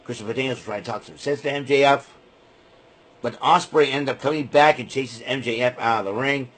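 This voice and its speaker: A man's voice: medium pitch, fairly quick, a bit bright, breathy edge. A man giving a rambling, casual spoken recap of a wrestling show, often breaking into name-calling rants.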